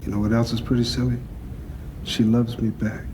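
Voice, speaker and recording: An actor playing an older crime boss with a gruff, gravelly, blunt and profane way of talking, in a film scene. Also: male voice, medium pitch, flat delivery, normal speed, a little mellow, slight background noise, natural voice. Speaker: crime boss planning a heist. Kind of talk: film dialogue.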